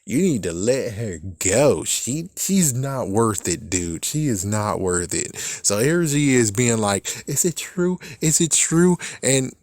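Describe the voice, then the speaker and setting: A man with a somewhat low voice rants through a TV recap, animated and swearing freely. The sound is dry and close, with no room around it. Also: takes it slowly, hardly any pauses, no room sound. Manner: animated, profane, laughing asides. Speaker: show recap vlogger. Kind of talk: casual reaction rant.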